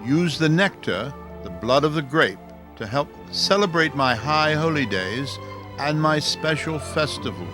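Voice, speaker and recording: A man voicing a refined English gentleman who narrates a documentary in a put-on English accent, with a polished, stately delivery. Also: on the high side, expressive, measured pace, music in the background. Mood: solemn.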